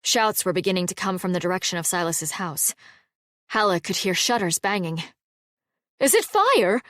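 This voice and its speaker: This woman narrates an audiobook from a script, her delivery even and measured like a storyteller's. She speaks with a fairly low pitch, captured in a dry, studio-quality recording.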